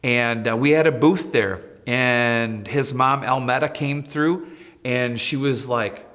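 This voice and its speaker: A school principal shares personal stories with real animation, performing the voices of the people he quotes. His voice sits at a medium pitch, his pace is measured, and a long reverb tail trails each phrase.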